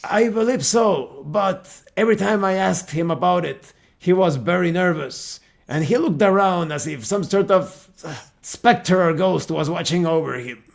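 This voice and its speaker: A man voicing a polite, hesitant old male veteran who speaks with a halting, courteous manner. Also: high-pitched, creaky, pitched above the performer's own voice.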